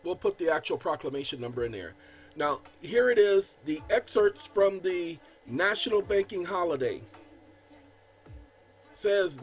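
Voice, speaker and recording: A man with a high voice lectures his viewers in a casual, emphatic way, repeating himself and stumbling over words. He reads legal text aloud with heavy stress, and soft music plays faintly underneath. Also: animated, measured pace. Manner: emphatic, repetitive, stammers and restarts; addresses viewers as y'all. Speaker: channel host. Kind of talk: casual explainer while editing a document.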